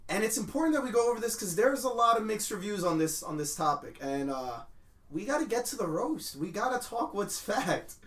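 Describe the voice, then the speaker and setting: A man's voice: sits high, fairly quick, roomy sound. A man hosting a podcast, chatting casually and telling stories with frequent laughs. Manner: laughs often, animated storytelling. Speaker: podcast host. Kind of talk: casual chat.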